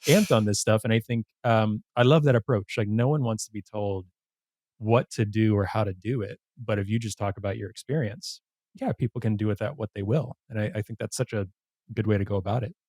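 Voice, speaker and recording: A man with a slightly low voice hosts a podcast interview, chatty and excitable, laughing often as he talks. He is close to the mic in a dry space. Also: no echo. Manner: enthusiastic, giggly, quick to laugh. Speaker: podcast host. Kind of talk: casual interview chat.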